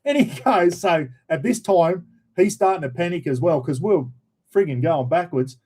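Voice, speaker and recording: Australian man, casual yarn, mellow voice, slightly high pitch. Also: normal speed. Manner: animated, acts out quoted shouts, laughs mid-sentence. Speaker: vlogger, former police officer. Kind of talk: casual storytelling.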